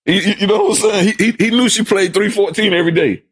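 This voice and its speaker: Older new guy, kinda high voice, stutters and repeats himself, does voices for people in his stories. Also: fast talker, slightly rough. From Brooklyn, New York. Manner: stammering repeats, animated voices for quoted people. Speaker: guest, host's father. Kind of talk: storytelling in casual conversation.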